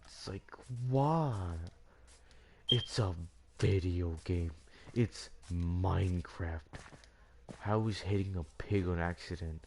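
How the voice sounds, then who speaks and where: A man with a very low, deep voice rants loosely over gameplay, wandering and restating his point again and again. His talk is full of "like" and restarts, and a faint hiss sits under it. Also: darkish tone. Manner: rambling, repeats himself, leans heavily on "like". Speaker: gaming channel host. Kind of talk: rambling rant over gameplay.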